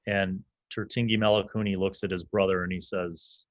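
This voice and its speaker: A man's voice: low voice, level tone, moderate pace, dry recording. A man narrating a tabletop game as game master in a casual way, with loose fillers.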